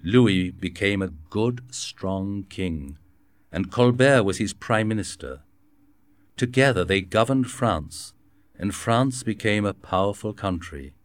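A man reading a simplified classic novel aloud in a measured, clear storybook manner. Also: on the low side, dry recording. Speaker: narrator. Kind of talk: scripted narration of a graded reader.

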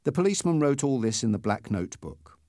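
A male audiobook narrator tells a first-person story with a very lively, swinging pitch and a mid-range voice. The recording is dry and close, with no room sound. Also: fast talker, no echo.

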